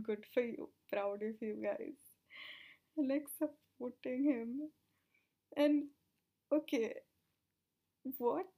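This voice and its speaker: A woman's voice: on the high side, a little mellow. A young woman rambling to her viewers, out of breath, giggling, swearing freely and sometimes dropping into a whisper. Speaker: vlogger. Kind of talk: rambling casual monologue.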